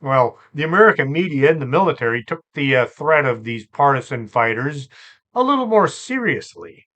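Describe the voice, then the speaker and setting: A man hosting a storytelling show, relaxed and chatty, with asides and fillers. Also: mid-range voice, normal speed. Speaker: host and storyteller. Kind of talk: conversational storytelling podcast.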